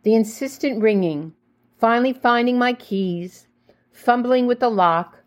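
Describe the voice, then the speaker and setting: Woman reading a reflective memoir. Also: on the high side. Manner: reflective, measured storytelling. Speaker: memoir narrator. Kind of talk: first-person memoir reading.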